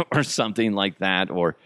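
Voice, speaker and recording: A middle-aged man hosts his podcast alone, airing everyday gripes in a loose, profane rant full of chuckles. His voice sits on the low side but leaps up and down expressively. The sound is close and dry, with no room around it. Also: animated, takes it slowly, a bit bright, dry recording. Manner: profane, chuckling, exasperated venting. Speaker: podcast host. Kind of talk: casual ranting monologue.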